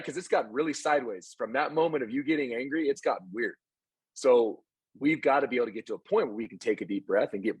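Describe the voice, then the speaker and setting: Husky-voiced animated man telling coaching stories. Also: medium pitch, dry recording. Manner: animated storyteller, acts out quoted lines. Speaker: baseball coach and podcast host. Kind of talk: casual podcast chat.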